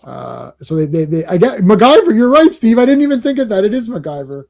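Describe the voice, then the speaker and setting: A man hosting a comic book podcast in casual chat, excitable and rambling, often laughing and restarting his sentences. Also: sits high, fairly quick, vocal fry.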